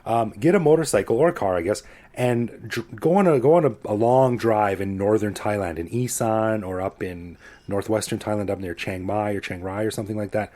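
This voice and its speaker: A Canadian man in his forties co-hosting a podcast, talking in a relaxed, self-deprecating way. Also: lowish voice, a little fast. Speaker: podcast co-host. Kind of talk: casual chat.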